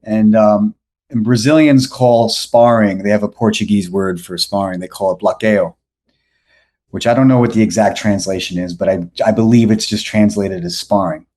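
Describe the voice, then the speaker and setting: A man's voice: lowish voice, fairly even intonation, moderate pace, warm tone. A man, telling a story on a podcast as the guest, rambling with many restarts and fillers. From New York. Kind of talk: casual storytelling.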